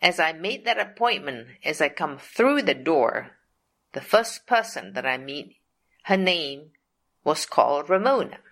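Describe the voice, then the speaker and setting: A woman's voice: low voice, animated, measured pace, a bit bright. An older woman telling a personal faith testimony in an earnest, repetitive way. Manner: earnest, repetitive, leans on "of course" and "whatsoever". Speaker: storyteller sharing a faith testimony.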